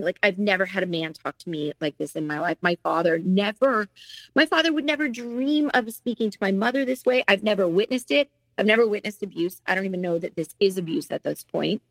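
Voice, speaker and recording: A woman's voice: fairly low pitch, dry recording. Candid woman telling a painful story. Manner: candid, animated, acts out quoted lines. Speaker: guest telling her story. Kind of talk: emotional personal storytelling.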